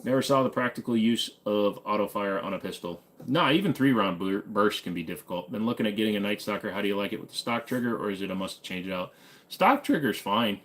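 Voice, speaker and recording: A man's voice: fairly low pitch, animated, fast, a bit bright. An American man hosting a casual live stream, reading viewer comments and answering in a laid-back, joking way with plenty of "uh" fillers. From United States. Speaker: host.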